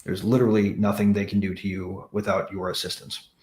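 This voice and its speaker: A man's voice: low voice, flat delivery, a little fast, darkish tone, reverberant. A man talking on a podcast panel in a blunt, emphatic way, swearing freely. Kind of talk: casual panel chat.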